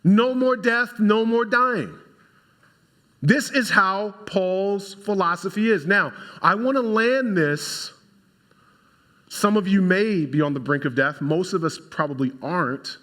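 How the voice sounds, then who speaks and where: A man preaching a sermon with a bright, forceful tone and a fairly high voice. He speaks straight to the congregation, with a lively, animated delivery. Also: takes it slowly. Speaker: pastor.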